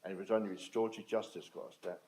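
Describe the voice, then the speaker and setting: Older man, low-pitched and mellow, blunt storyteller addressing a room. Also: fairly even intonation, racing, a little hiss or hum, low-quality recording. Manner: blunt, plain-spoken, emphatic, dialect grammar. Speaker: speaker at a talk on restorative justice. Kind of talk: storytelling talk to an audience.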